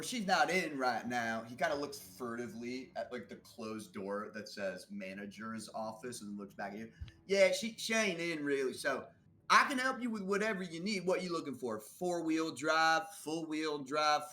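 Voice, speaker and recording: A man's voice: fairly high pitch, pushed and bright. A man voicing a rambling, easily distracted male car-lot clerk with a put-on drawl in a tabletop role-play game. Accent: put-on regional drawl.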